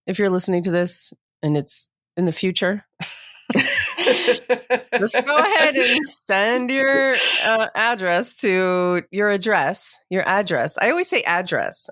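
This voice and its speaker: A woman's voice: fairly low pitch, very animated, a little slow, pauses often, a bit bright, no room sound, studio quality. A woman co-hosting a podcast in casual chat, chatty and self-deprecating, often laughing. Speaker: podcast co-host.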